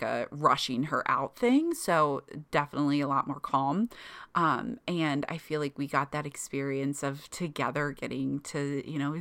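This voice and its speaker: A woman's voice: low voice, bright, forceful tone. A young woman casually telling her own birth story, chatty and emotional, full of fillers.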